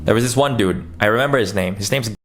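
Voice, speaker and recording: A man's voice: lowish voice, fast, a bit bright. A man from the Philippines with an American accent, telling stories in a casual vlog and acting out the quotes. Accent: American English. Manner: chatty storytelling, acts out quotes. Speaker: YouTuber.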